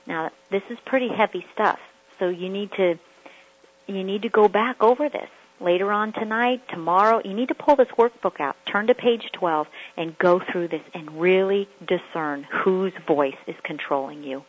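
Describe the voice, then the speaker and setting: Motivational woman coach, earnest and questioning, slightly breathy tone over a muffled radio recording. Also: mid-range voice, normal speed. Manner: earnest, repeats rhetorical questions. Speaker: personal coach. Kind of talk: motivational teaching talk.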